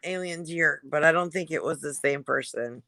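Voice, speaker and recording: A woman's voice: deep voice, normal speed, pushed and bright. A woman chatting on a livestream call, laughing often. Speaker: guest on a stream. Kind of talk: casual chat.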